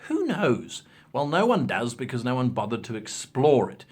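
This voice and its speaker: Animated man giving game-master advice. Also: medium pitch, moderate pace, breathy edge. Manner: animated, opinionated, acts out examples. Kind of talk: casual advice talk.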